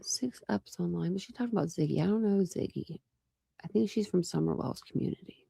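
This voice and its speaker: A woman's voice: on the low side, brisk, gravelly, warm tone, breathy edge, no room sound, studio quality. A woman hosting a true crime channel, chatting casually and rambling to her live chat.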